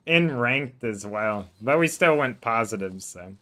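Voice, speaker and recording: A man's voice: medium pitch, sharp tone. A man streaming a game, chatting casually and rambling, with frequent laughter. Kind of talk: casual gameplay chat. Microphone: desk microphone.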